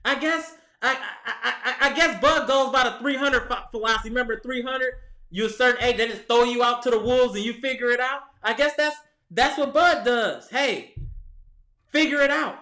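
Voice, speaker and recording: A high, bright-toned man rants at his team, heated and exasperated, as if talking to the players themselves. His voice rings off the walls of an echoey room at home, picked up by a camera mic. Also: normal speed. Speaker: sports vlogger. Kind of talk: ranting fan commentary.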